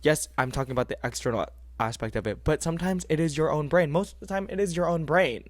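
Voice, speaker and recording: Young male podcast host, higher voice, dry close sound, sincere casual advice. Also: fast, dry recording. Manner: earnest, animated, repeats phrases for emphasis. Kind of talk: casual heartfelt advice talk.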